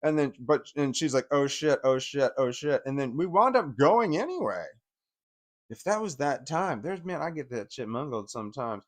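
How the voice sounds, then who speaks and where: This channel host has a fairly high, very animated voice and a moderate pace, recorded without echo. He rambles through a painful personal memory, swearing, emotional, and full of fillers.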